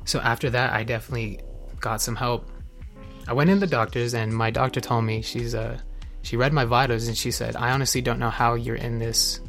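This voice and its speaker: A man's voice: medium pitch, fairly even intonation, fairly quick, vocal fry, fairly bright tone, faint music behind. A young man earnestly telling his own recovery story in a candid, confessional way, with many fillers and restarts. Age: young adult. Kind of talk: candid personal testimony.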